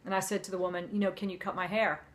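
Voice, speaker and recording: A woman's voice: lowish voice, little pitch movement, very fast. A woman talking to camera in a candid, heartfelt, conversational way, with plenty of fillers. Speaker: vlogger. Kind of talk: candid personal storytelling to camera.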